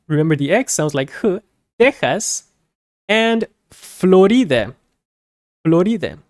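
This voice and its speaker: A Spanish teacher runs a beginner lesson, repeating each word several times for learners and explaining things plainly with small personal asides. The voice is medium-pitched and a little mellow, with clean studio sound and no room sound.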